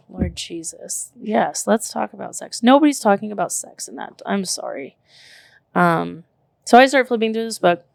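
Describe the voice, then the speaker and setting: Woman, 30s, podcast co-host; gravelly, lowish voice, chatty and outspoken. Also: dry recording. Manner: animated, filler-heavy storytelling with frequent "like" and "literally"; outspoken, swears casually. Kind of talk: casual chat.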